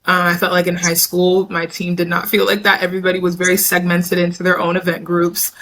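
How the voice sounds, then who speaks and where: A young woman in a casual interview, talking about her experiences in a chatty, animated way, acting out quotes as she goes. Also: fairly low pitch, brisk. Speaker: interview guest, Olympic hammer thrower.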